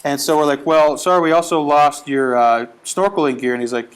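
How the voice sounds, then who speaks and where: A man's voice: fairly high pitch, brisk, smooth. A man casually telling a comic travel story, acting out the quotes as he goes. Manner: animated, acts out quotes. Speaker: guest storyteller.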